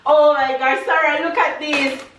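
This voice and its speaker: A woman in her thirties from Jamaica, filming her family vlog at home and exclaiming excitedly over a gift package. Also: sits high, measured pace, recorded from a distance, slight background noise. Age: 30s. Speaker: vlogger mother. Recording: roomy sound, away from mic.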